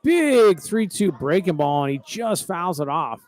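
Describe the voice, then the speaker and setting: A man's voice: high voice, very animated, a little slow, darkish tone. A middle-aged man, calling a baseball game in a folksy, chatty, rambling way. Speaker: play-by-play announcer. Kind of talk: baseball commentary.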